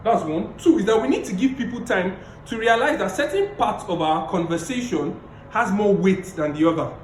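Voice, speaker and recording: A man giving a public speaking lecture over a video call, emphatic and repeating key phrases, deliberately playing his tone up and down. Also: high voice, expressive, echoey room, a little hiss or hum, low-quality recording. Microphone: video call mic.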